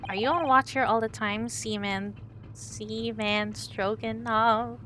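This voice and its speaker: A woman reading the lines of a polite, hesitant young male lawyer in a video game, over steady background noise. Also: a little high, slow pace.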